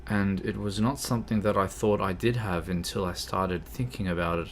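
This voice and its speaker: A man's voice: low voice, steady tone, moderate pace, a little hiss or hum. A man chatting casually on a gaming livestream, rambling and easily distracted. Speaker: streamer.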